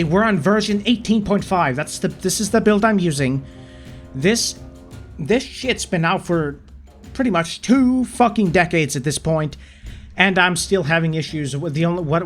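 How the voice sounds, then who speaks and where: Exasperated man ranting, high-pitched. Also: fairly bright tone. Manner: profane, exasperated, stammering restarts. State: sore throat. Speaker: channel host. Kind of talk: screen-recorded ranting commentary.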